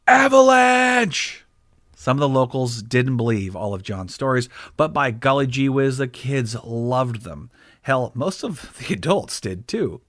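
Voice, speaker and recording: A man's voice: mid-range voice, no echo, studio quality. A man reading his own fictional short story aloud in a wry, theatrical storytelling manner. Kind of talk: scripted narration of a short story.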